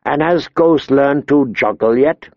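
A man's voice: mid-range voice, unhurried, no echo, lightly acted. Tyrion, a man doing a wry dwarf nobleman. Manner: dry, wry wit. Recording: dull lo-fi dry recording.

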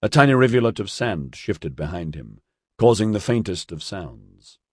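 A man narrating a novel as an audiobook in a measured, scripted reading. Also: deep voice, very animated, breathy edge, no room sound, clean studio sound.

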